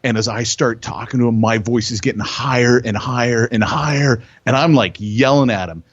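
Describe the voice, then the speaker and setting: A man co-hosting a podcast, telling stories in an excitable way, repeating himself and loudly acting out what people said. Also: mid-range voice, normal speed, breathy edge, no room sound, dull audio. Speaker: podcast co-host. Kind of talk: animated storytelling chat.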